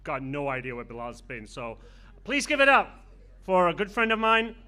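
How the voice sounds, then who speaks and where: Bright-voiced wry comedy club host. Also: male voice, a little high, sing-song, normal speed, smooth. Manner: wry, teasing. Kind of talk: introducing comics. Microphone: handheld stage mic.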